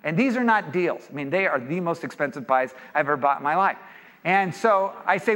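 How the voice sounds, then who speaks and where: A man from California speaking to an audience, an animated and jokey storyteller, in an echoey hall. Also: a little high, a little fast. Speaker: speaker leading a seminar or sermon. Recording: echoey hall with long reverb.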